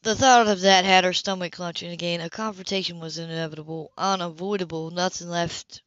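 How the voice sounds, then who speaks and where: A woman reading a novel aloud in an even, steady way. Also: fairly low pitch, a little fast, dry recording. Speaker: audiobook reader. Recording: dull lo-fi home recording.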